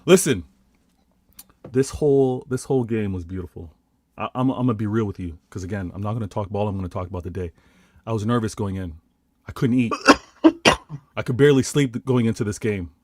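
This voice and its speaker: A man's voice: fairly low pitch, fairly quick, pauses often, darkish tone, no echo. A Canadian man on a football podcast, giving a theatrical fan rant with mock indignation. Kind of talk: casual football podcast chat.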